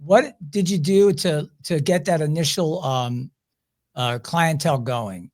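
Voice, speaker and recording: Brief: male host, Philly accent, somewhat high voice, talkative and rambling. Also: a little slow. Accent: Philadelphia. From Chicago area. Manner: chatty, long rambling questions with restarts. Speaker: podcast host. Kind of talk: casual interview.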